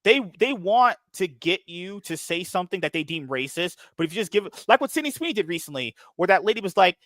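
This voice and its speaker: A man hosting a podcast in a casual chat, animated and quick to react. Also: high voice, no echo. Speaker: podcast host.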